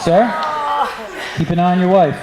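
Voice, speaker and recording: A man's voice: high-pitched, little pitch movement, normal speed, a crowd in the background, noisy background. A man doing a stand-up set on a club stage, brash and profane as he teases the audience. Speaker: stand-up comedian. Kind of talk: stand-up set with crowd work. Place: comedy club stage before a live audience. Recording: echoey club with audience laughter.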